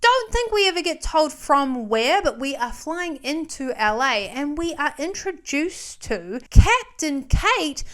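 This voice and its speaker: A woman's voice: high-pitched, very animated, slow. A woman vlogger giving a casual movie recap, chatty and sarcastic, wandering off on tangents.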